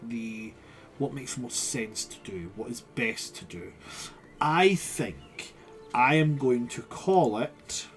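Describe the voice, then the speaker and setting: A man's voice: medium pitch, lively intonation, slow pace, soft background music. Casual man running a tabletop game. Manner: casual, thinks aloud with fillers. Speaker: game master.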